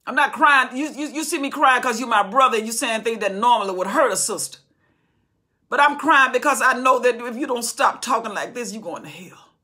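A woman's voice: a little high, a little fast, bright, forceful tone, husky. A woman teaching a Bible study sermon in a fervent, conversational preaching style, often repeating herself as she builds.

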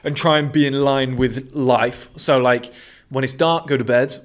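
A man's voice: mid-range voice, steady tone, measured pace. Blunt British man swearing hard. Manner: blunt, aggressive, swears a lot. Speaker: host. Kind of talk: casual monologue.

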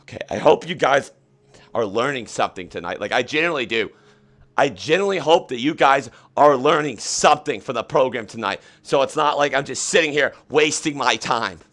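A man hosting a comedic livestream, talking in an excitable, repetitive, mock-earnest way. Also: mid-range voice, a little fast. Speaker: host. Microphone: webcam setup.

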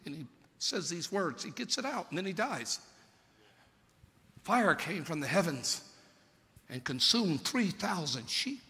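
Theatrical preacher with a bright, piercing voice. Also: male voice, big pitch swings, unhurried, long pauses. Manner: theatrical, swings from shouted peaks to hushed lows. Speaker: pastor. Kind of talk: dramatic sermon storytelling. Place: large church sanctuary. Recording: long hall reverb from a church service.

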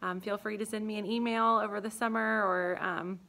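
A young woman teacher in an empty classroom, speaking an emotional farewell to her students and holding back tears, with many pauses and ums. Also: medium pitch, steady tone, vocal fry, pushed and bright. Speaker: third grade teacher. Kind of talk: heartfelt farewell video message.

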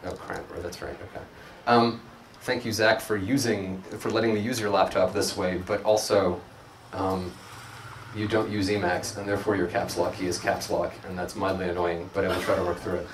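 Low-voiced man giving a chatty tech talk in an echoey room. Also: moderate pace. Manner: self-deprecating, chatty and animated. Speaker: conference speaker. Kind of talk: live coding talk. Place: event room with audience. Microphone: room mic from a distance. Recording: echoey room, distant mic, background noise.

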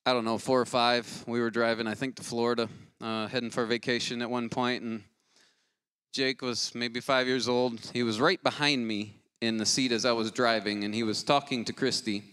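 A man preaching a sermon as lead pastor, moving from a family story to forceful exhortation. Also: mid-range voice, level tone, normal speed, smooth. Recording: long hall reverb with loud music beneath. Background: loud guitar music.

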